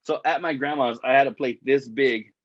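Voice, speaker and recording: A man with a medium-pitched voice talks at a normal speed while co-hosting a podcast chat. His stories wander on at length, loaded with profanity and frequent uses of "dog" for his friend. There's no room sound, and the high frequencies are cut off.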